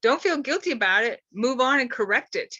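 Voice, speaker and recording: A woman's voice: a little high, expressive, a little fast, sharp tone, muffled recording. A woman hosting an interview, jumping in eagerly and apologizing for interrupting. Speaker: host. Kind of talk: conversational interview.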